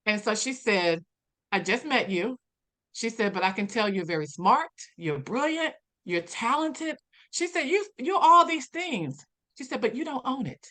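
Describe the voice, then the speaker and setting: Woman coach on a podcast, chatty storyteller, voice jumps way up when she quotes people. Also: normal speed. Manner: animated, acts out quoted dialogue with big pitch jumps. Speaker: podcast guest, personal development coach. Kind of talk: storytelling interview answers.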